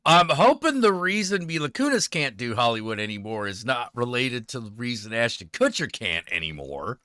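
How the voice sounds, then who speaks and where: A man's voice: medium pitch, very animated, normal speed, sharp tone, smooth, no echo, clean studio sound. A man chatting casually as a stream co-host, easygoing and wry. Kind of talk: casual live-stream chat.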